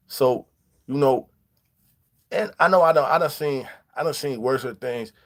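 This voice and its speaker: A man's voice: medium pitch, normal speed. A man casually telling prison stories, greeting live viewers and acting out quoted dialogue in street slang. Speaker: vlogger. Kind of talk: casual storytelling vlog.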